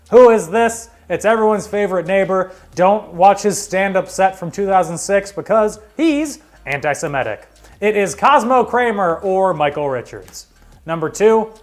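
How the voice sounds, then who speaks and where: A man hosting a live trivia show, reading out answers with jokey, sarcastic asides. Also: high voice. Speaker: trivia game host.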